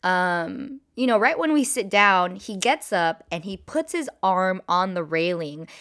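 A young adult woman vlogger tells her viewers about a wild night out in a casual storytime. She's animated and chatty, her voice lowish and unhurried, and she hops from moment to moment with plenty of "like" and "you know."

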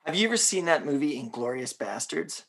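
A man hosting a casual interview, talking in a relaxed, conversational way with lots of fillers. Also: a little high, fairly quick, vocal fry, slightly rough. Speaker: podcast host.

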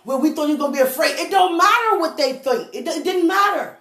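A woman preacher giving a lively, storytelling testimony, laughing often as she speaks. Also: sits high, fairly quick. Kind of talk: church testimony sermon. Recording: echoey room with faint music.

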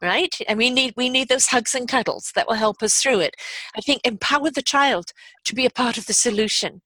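A woman's voice: a little high, brisk, sharp tone, no room sound. A woman who hosts a radio network, chatting casually, affirming her guest and talking expressively. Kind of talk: casual chat.

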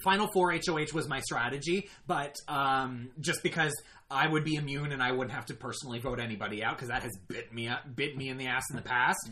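A man's voice: mid-range voice, fairly quick, bright, forceful tone. A young man casually recapping a game season he played in, retelling events in a rambling, self-correcting way.

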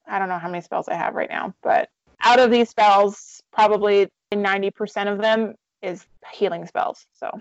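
A woman's voice: mid-range voice, fairly even intonation, normal speed, no room sound, muffled recording. A woman player talking casually about her character, rambling and correcting herself as she goes. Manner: rambling, self-correcting, chatty.

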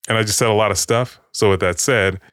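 A man's voice: lowish voice, steady tone, fast, a bit bright, no echo, studio quality. A man casually recapping a movie with friends, rambling, swearing and acting out lines.

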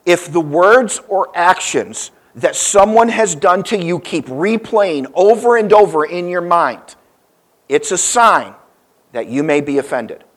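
A man's voice: high-pitched, lively intonation, unhurried. A man preaching a sermon, telling a story and acting out the quoted lines with big rises and drops. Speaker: pastor.

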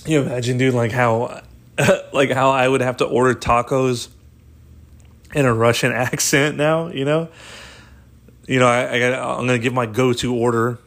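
Guy rambling on his solo podcast, mid-pitched voice, lots of likes and dudes, swears a bunch, laughs a lot. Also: steady tone, normal speed, a bit bright. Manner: rambling, profane, laughs often. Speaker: podcast host. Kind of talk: casual solo podcast monologue.

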